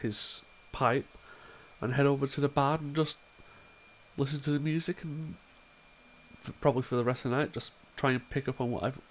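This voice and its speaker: Man playing a tabletop game, relaxed, joking, faint room noise. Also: mid-range voice, a little fast. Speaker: player. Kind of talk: casual chat and in-game narration.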